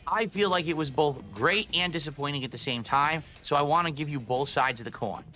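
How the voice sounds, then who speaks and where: A man's voice: fairly high pitch, fairly quick, bright, forceful tone, faint music behind. A man, a gaming streamer, ranting angrily about games he played, swearing often and sounding fed up. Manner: angry, swearing, exasperated rants. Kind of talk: ranting game review over gameplay clips.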